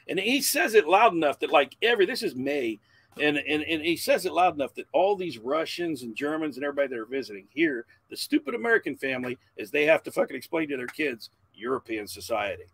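A man in his forties, a podcast guest, telling a long profane story in a loud, animated way. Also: fairly high pitch, quick pace, slightly rough.

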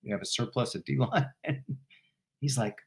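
A man who is a guest and former football team executive, telling an anecdote in an animated way and laughing as he goes. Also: mid-range voice, normal speed, gravelly. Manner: animated, laughing while he tells it. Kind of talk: storytelling anecdote in interview.

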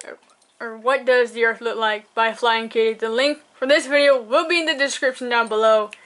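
A woman's voice: fairly high pitch, steady tone, moderate pace, fairly bright tone. A young woman hosting a reaction video, rambling with lots of fillers, hiccuping and up late at night. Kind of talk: casual reaction commentary.

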